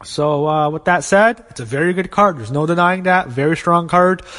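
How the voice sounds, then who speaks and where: Guy with a kinda high voice giving wrestling picks, blunt and opinionated, swears a lot, some long reverb on it. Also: normal speed, fairly bright tone. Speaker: wrestling show host. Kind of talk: casual prediction commentary.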